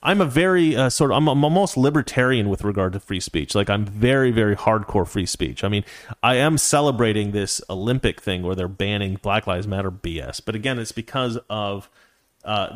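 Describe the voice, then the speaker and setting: A man hosting a home livestream, reading viewer messages and giving opinionated commentary that rambles and restarts often. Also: on the low side. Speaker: live stream host.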